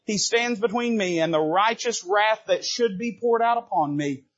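A man preaching a sermon from a church pulpit, emphatic and lively, swinging between loud bursts and quiet asides and joking with the congregation. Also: high voice, moderate pace, dull audio. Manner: quips to the congregation. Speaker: Baptist preacher.

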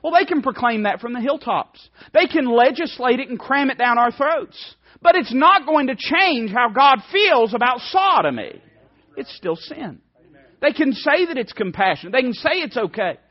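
Fervent high-voiced preacher, muffled radio. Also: male voice, very animated, moderate pace. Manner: fervent, swings from loud emphasis to hushed soft passages. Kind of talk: sermon.

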